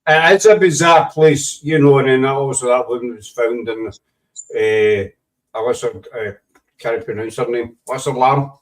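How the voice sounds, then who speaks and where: Man host, measured and conversational, mid-range voice, sitting back from the mic. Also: mid-range voice, distant mic, rough recording. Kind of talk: interview questions.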